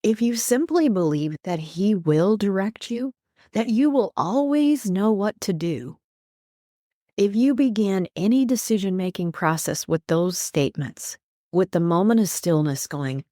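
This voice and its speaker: A woman guest who is a life coach and minister, talking earnestly about faith and quoting scripture in an animated, preacherly way. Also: medium pitch, unhurried, dry recording, clean studio sound. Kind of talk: earnest faith-based teaching in conversation.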